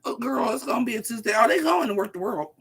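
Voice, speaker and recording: Vlogger, 40s, sassy profane rant to camera, crisp bright tone. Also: mid-range voice, fast. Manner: profane, sassy, animated, talks straight to viewers.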